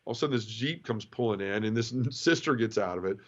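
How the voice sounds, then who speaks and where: A man's voice: fairly low pitch, lively intonation, quick pace. A middle-aged man tells an emotional personal testimony, earnest and often repeating words when moved. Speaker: interview guest. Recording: slightly dull, lo-fi.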